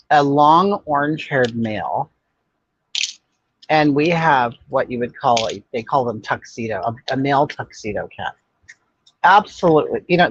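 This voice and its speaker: An older man with a medium-pitched, breathy-edged voice hosts a laid-back livestream. He answers comments from viewers in a sassy, blunt, gossipy way, and the dry recording sounds dull and muffled.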